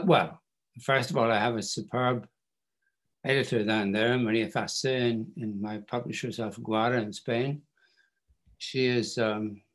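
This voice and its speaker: An older man, a guest author telling stories in a wry, self-deprecating way at a bookstore interview. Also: mid-range voice. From Ireland.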